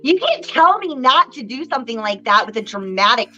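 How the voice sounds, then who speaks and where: A woman's voice: high-pitched, sing-song, fairly quick, bright, forceful tone, lo-fi sound, soft background music. A woman co-hosting a live card-reading stream, chatting in a bubbly, theatrical way and laughing often. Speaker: live psychic card reader and co-host. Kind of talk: casual live-stream chat.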